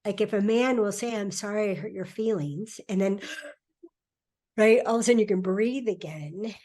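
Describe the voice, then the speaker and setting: A middle-aged woman speaking as a podcast guest in a relaxed conversation, animated and laughing often as she acts out quoted voices. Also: medium pitch, normal speed. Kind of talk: conversational interview.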